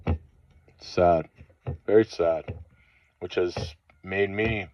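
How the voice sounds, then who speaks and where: A man delivering a rambling spiritual monologue, angry and profane, with halting pauses between phrases. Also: low voice, steady tone, no room sound. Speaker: channel host. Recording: dull lo-fi dry recording.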